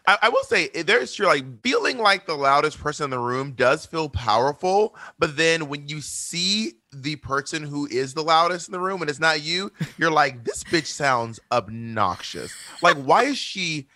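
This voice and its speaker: Guy, loud and campy, bright punchy voice, kinda high. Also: no echo. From Georgia, US. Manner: loud, animated, campy and quick-witted. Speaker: podcast guest, drag performer. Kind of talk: casual chat.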